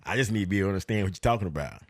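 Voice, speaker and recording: A middle-aged man, a father co-hosting a podcast, talking in casual chat with drawn-out phrasing and loud laughter. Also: low-pitched, expressive, dry recording, clean studio sound.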